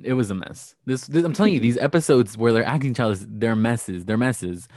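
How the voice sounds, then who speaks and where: A man's voice: medium pitch, a little fast, a little mellow, dry recording, studio quality. A man co-hosting a podcast, recapping a TV show in sassy, gossipy casual chat. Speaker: podcast host.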